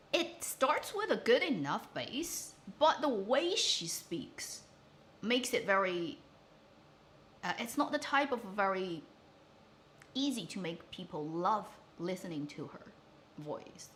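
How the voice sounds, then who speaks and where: Blunt, animated woman drama reviewer. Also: medium pitch, slight background noise. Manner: opinionated, blunt, animated critique. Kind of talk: casual commentary livestream.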